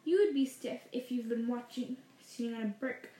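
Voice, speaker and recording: A woman's voice: a little high, warm tone, lightly acted. A woman reading a stern, prim witch professor. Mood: impatient. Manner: brisk, clipped, impatient. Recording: roomy echo.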